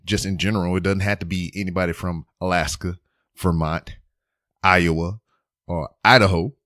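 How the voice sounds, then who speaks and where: A man's voice: on the low side, a bit bright, dry recording, clean studio sound. A man hosting his own podcast from home, rambling in a playful, casual way with joking asides. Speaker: podcast host. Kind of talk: casual solo podcast monologue.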